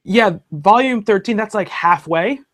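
A man's voice: high voice, lively intonation, unhurried, fairly bright tone. A man hosting a casual podcast chat about comic books, talking in a rambling way with many fillers and restarts. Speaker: podcast host.

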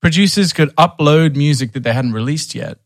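A man's voice: a little high, fairly quick, no echo, studio quality. A young man telling a long personal story in a casual podcast chat, with many restarts and fillers. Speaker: podcast guest.

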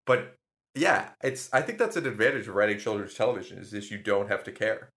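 A man's voice: on the low side, lively intonation, a little fast, a bit bright. A young adult man in a casual comedic chat, rambling, swearing and laughing often.

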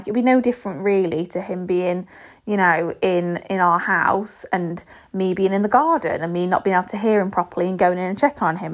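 Candid rambling woman podcaster. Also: medium pitch. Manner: rambling and candid, with many fillers and restarts. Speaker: podcast host. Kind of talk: personal storytelling monologue.

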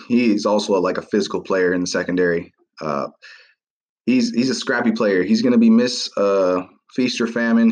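Man hosting a low-voiced, loose sports podcast recap, lots of fillers. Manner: rambling, many fillers and restarts. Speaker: podcast host. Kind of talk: casual sports recap monologue.

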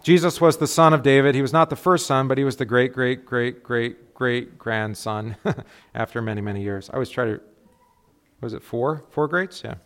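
Middle-aged male pastor leading an informal Bible lesson, chatty, keeps checking in with the group, voice of ordinary pitch. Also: normal speed, a bit bright, smooth. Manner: conversational, keeps checking in with tag questions. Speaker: pastor teaching a Bible class. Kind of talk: casual Bible class teaching.

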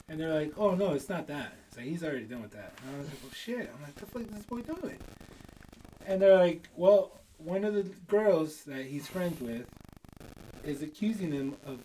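Dad in his thirties, podcast co-host, crude laughing storyteller, slightly high voice, sits back from the mic. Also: mellow, recorded from a distance, a little hiss or hum. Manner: profane, laughing storyteller acting out dialogue. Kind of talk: casual storytelling chat.

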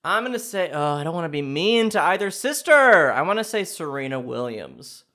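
A young man with a lively, far-ranging pitch hosts his own sports quiz for laughs. He reasons out loud, bursts into shouts when he scores, then drops to quiet grumbles when he misses. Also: normal speed. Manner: animated, thinks out loud, swings from shouting to muttering. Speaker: quiz contestant and host. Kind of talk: comedic solo quiz challenge.

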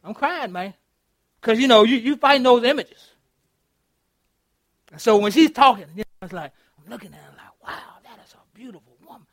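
A man's voice: extremely high pitch, normal speed, pauses often. A middle-aged man, preaching an interactive sermon as pastor, laughing often and calling out to his congregation. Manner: animated, laughing, calls out to the congregation. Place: church.

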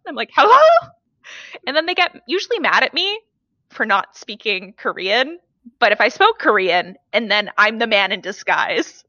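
A woman co-hosting a casual podcast chat, blunt and animated, swearing freely. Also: mid-range voice, moderate pace, no room sound, muffled recording. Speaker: podcast co-host. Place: foreigner living in Korea.

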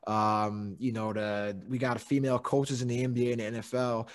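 A young man hosting a casual podcast chat, swearing freely and laughing through animated stories. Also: mid-range voice, moderate pace. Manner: profane, laughing, animated storyteller. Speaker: podcast host.

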